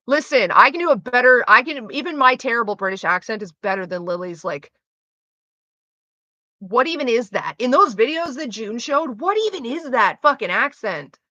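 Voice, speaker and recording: A woman's voice: fairly high pitch, lively intonation, normal speed, bright, forceful tone, dry recording. A young woman streaming and reading her chat, rambling, swearing freely and trailing off mid-sentence. The sound is a little dull and lo-fi. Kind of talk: casual chat with a live audience. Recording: slightly dull lo-fi mic.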